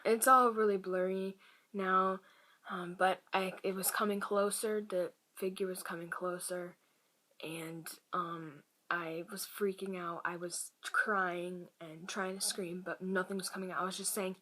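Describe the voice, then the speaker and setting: A woman vlogger telling a personal story to camera in a halting, hushed way, often dropping to a whisper. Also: on the low side, little pitch movement, a little hiss or hum. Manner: many fillers and restarts.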